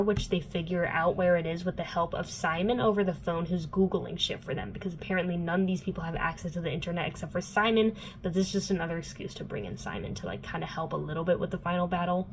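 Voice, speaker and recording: A woman's voice: lowish voice, quick pace, few pauses, slight background noise, poor audio. A young woman vlogging a casual, sarcastic book recap full of fillers. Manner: chatty, filler-heavy, sarcastic asides.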